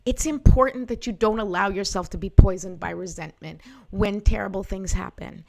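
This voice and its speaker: A woman's voice: mid-range voice, moderate pace, vocal fry, a little mellow. Woman doing a pep talk show, encouraging, keeps asking right?. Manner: encouraging, repeats "right?" to the listener. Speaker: host. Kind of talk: motivational talk.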